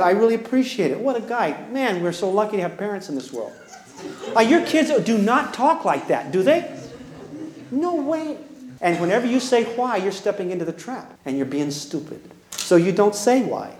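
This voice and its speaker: A man's voice: sits high, a little mellow, a little hiss or hum. A man giving a humorous parenting seminar to an audience, folksy and teasing, acting out both sides of little dialogues as he goes. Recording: echoey room.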